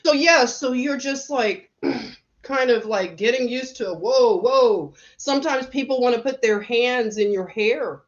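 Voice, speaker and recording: A woman's voice: on the high side, a little slow, muffled recording. A middle-aged woman hosting a casual livestream, telling stories, laughing often and reading out viewer comments. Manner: chatty, laughs often, storytelling.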